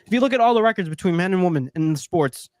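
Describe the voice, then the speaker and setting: A man's voice: high voice, expressive, rapid-fire, darkish tone, dry recording, clean studio sound. A man co-hosting a casual sports podcast, reading out viewer comments and joking bluntly, with a congested nose. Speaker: podcast co-host.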